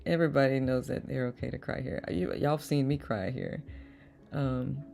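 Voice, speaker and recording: A woman hosts a live online chat, reading viewers' messages aloud and laughing often. Her voice sits low with a gravelly fry and a mellow, dark tone. Soft music plays faintly behind her. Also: fairly even intonation, moderate pace. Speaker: host.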